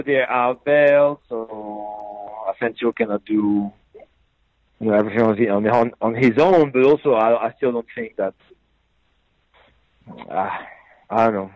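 A man's voice: medium pitch, a little slow, pauses often, no echo, highs cut off. A man chatting casually about football, hesitant, with many fillers and restarts. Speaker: football pundit. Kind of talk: casual sports chat.

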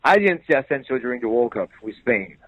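A man's voice: medium pitch, sing-song, fast, no echo, narrow, tinny audio. A man chatting casually about football, hesitant, with many fillers and restarts. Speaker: football pundit. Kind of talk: casual sports chat.

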